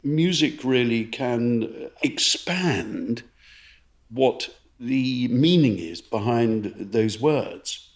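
A man, a conductor and co-host, explaining opera in a measured, explanatory podcast chat. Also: mid-range voice, expressive.

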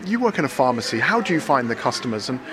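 A man's voice: mid-range voice, big pitch swings, fast. An Irish man reporting for radio, asking passers-by questions in a chatty, playful way.

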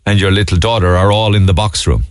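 A middle-aged man with a Cork Irish accent hosting a radio phone-in, chatty and relaxed. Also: low voice, fast, smooth, dry recording. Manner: chatty, relaxed, laughs easily. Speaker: radio talk show host. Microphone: studio mic.

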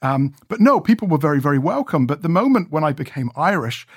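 A man's voice: fairly high pitch, very animated, fast talker, husky, no room sound. A man being interviewed in a radio studio, chatting in a rambling way with many restarts. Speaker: radio reporter.

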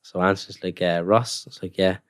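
A man's voice: sits low, steady tone, normal speed, clear, resonant tone, dry recording, studio quality. A young man, a professional footballer, telling stories in a rambling, casual way full of "like"s. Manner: rambling storytelling with many "like"s. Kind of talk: casual podcast chat.

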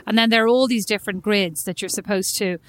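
A woman's voice: medium pitch, fairly even intonation, fast, slight background noise. A woman with a slight lisp, co-hosting a podcast in rambling, self-mocking casual chat. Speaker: podcast co-host.

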